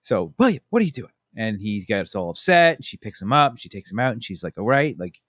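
A man in his thirties co-hosting a casual chat show, telling stories with lively acted-out quotes. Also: lowish voice, a little fast, no echo, studio quality. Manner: animated storytelling, acting out his family's lines. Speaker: podcast co-host.

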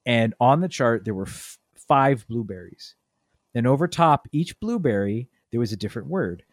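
Man in his thirties, casual storyteller, animated, dry close mic. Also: moderate pace, no echo. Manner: animated storyteller, acts out quotes with big pitch jumps. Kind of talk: casual chat.

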